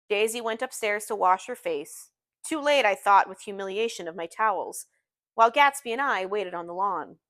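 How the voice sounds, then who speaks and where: A woman teacher reading a novel aloud to her class in an expressive, measured storytelling manner. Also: mid-range voice, dry recording, clean studio sound.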